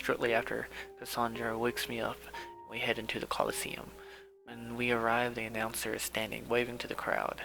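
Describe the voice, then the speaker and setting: A man's voice: mid-range voice, vocal fry, rough recording. A man reading his own first-person story aloud, with slips and restarts, over background music. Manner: reads with slips and restarts, softly dramatic.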